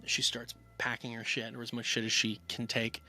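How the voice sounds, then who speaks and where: A man's voice: medium pitch, completely flat delivery, moderate pace, bright, forceful tone, faint music behind. A man casually retelling a film's plot for a review podcast, rambling with lots of fillers and acting out the characters' lines. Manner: rambling, filler-heavy retelling with acted-out quotes. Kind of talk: casual film plot recap.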